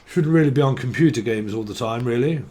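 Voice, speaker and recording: A man's voice: mid-range voice, fast, mellow, close to an everyday voice. A man impersonating a pompous elderly male royal who lectures in a plummy, stiff manner. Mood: lecturing.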